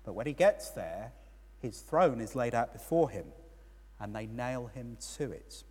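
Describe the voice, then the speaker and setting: A man preaches a sermon with a husky, slightly breathy voice, his words trailing into a long church reverb. He tells his story with rising and falling emphasis, pressing hard on key words and then dropping low and quiet. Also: animated, a little slow. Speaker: priest.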